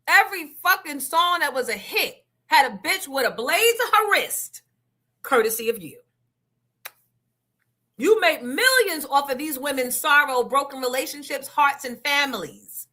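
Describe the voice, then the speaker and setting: Female host, confrontational profane rant, bright tense tone. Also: high-pitched, lively intonation, a little slow. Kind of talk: casual rant to listeners.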